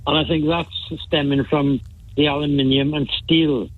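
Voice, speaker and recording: A man calling in to a talk show, talking haltingly with many restarts. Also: a little high, flat delivery, no echo. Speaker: caller. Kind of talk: phone-in chat. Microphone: phone. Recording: tinny phone line.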